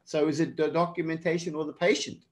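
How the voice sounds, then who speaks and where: A man who isn't British teaches a live online exam prep class in a loose, chatty way, frequently calling out to the whole group. His voice is fairly high and fast, with a flat delivery.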